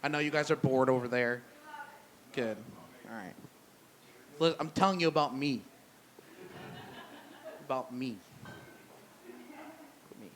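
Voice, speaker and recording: A man's voice: medium pitch, takes it slowly, pauses often, a bit bright, slight background noise. Rambling, profane stand-up comic man. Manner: profane, self-deprecating storytelling; loose, rambling delivery with restarts. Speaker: stand-up comedian. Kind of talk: stand-up comedy. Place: brewery comedy show with live audience.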